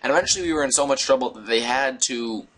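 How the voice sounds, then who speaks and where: A young man telling a story casually to his viewers, rambling and digressing with an animated delivery. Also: mid-range voice, fast talker. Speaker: vlogger.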